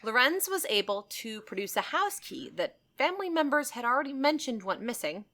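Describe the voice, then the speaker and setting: A young woman co-hosting a casual podcast, an animated storyteller who acts out scenes. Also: on the high side, fairly quick. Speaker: podcast co-host telling the case.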